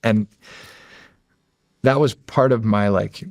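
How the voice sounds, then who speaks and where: Speaking slowly in a fairly low voice, this Erie, Pennsylvania native is a former Navy SEAL being interviewed on a show. His storytelling is loose and profane, full of restarted phrases, and he performs the dialogue he quotes. The studio audio is clean and echo-free.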